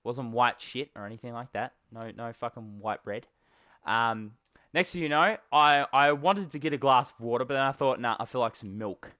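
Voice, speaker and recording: A young man tells a long rambling story, swearing constantly and drifting between low mumbles and louder outbursts. His pitch sits in an ordinary middle range. The sound is dry and close, with no room around it. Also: normal speed, no echo. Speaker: podcast co-host. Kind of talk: casual chat.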